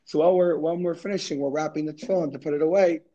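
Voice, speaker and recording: A man's voice: on the high side, fairly even intonation, very fast, dark tone, lo-fi sound. A man, a podcast guest, telling a story in a casual, rambling way with many "like" fillers. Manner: rambling, heavy use of "like".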